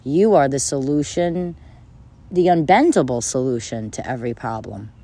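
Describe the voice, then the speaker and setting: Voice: medium pitch, lively intonation, normal speed, warm tone. A self-help speaker giving a casual motivational monologue, talking bluntly and repetitively, with frequent swearing and bursts of laughter.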